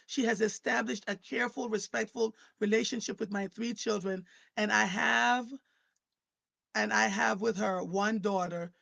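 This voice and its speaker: A woman hosting a live online talk show, chatting with viewers and guests in an animated, conversational way and often repeating words as she starts a thought. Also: mid-range voice, moderate pace, gravelly. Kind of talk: casual livestream talk.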